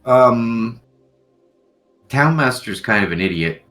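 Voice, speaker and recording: A man's voice: medium pitch, animated, slow pace, a bit bright, faint music behind, voice pushed up. A man voicing an old female shopkeeper, chatty and shrewd, with lots of hesitant ums. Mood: wry.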